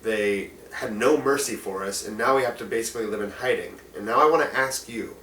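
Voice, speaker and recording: A man voicing a weary, dignified male orc leader who pleads his case softly and gravely. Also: on the low side, brisk, roomy sound, distant mic, slight background noise, lightly acted, rough recording. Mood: grave, pleading. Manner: soft, grave and earnest.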